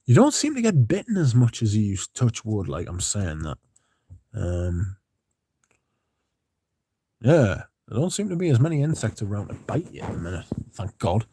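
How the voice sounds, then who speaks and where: A relaxed man talks on a livestream, rambling in a loose, chatty way. His voice is low and mellow, and the sound is dry and close. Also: normal speed, pauses often, husky, no room sound. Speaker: fragrance livestream host. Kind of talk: casual livestream chat, reading comments.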